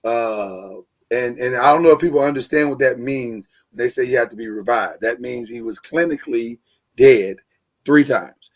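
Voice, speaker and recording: A man hosting a live sports talk show online, energetic and joking, loose with fillers. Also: medium pitch, moderate pace. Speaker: host.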